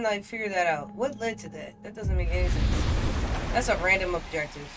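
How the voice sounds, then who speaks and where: Game streamer muttering and griping at characters, mid pitch, bit of faint noise. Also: fairly quick, distant mic. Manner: chatty, exasperated, reacts aloud to characters. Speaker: streamer playing a story game. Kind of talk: casual let's-play commentary.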